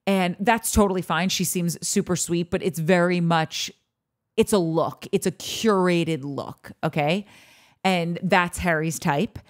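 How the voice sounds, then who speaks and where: Tipsy woman in a sarcastic rant. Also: a little slow. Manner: animated, sarcastic and profane, big pitch swings. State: tipsy from beer. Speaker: podcast host. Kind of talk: casual ranting TV review.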